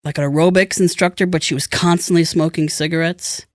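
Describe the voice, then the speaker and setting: A man's voice: a little high, steady tone, a little fast, no echo, studio quality. A middle-aged man co-hosting a casual podcast, telling a long rambling anecdote and acting out the people in it. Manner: rambling storyteller who acts out quoted people. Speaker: podcast co-host. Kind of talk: casual chat.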